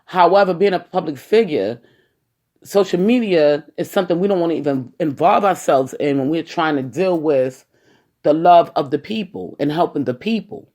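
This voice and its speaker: A woman's voice: low-pitched, expressive, normal speed, darkish tone. A woman with a New York accent, an activist giving a casual, rambling podcast monologue and often saying "you know".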